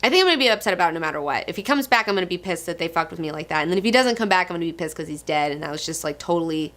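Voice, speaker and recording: Bright-voiced, excitable young woman. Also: lowish voice, rapid-fire. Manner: gushing, excitable and profane. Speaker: comic book reviewer. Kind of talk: casual commentary.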